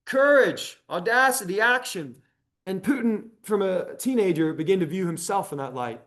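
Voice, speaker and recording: A man giving a public library history lecture, talking in a conversational, animated way with frequent ums. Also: high-pitched, normal speed.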